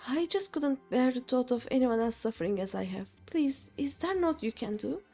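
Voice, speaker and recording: Grateful freed captive, young woman, earnest and polite, a bit higher, read by the streamer. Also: expressive, moderate pace, dark tone, soft background music. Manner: polite, pleading. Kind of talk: reading game dialogue aloud.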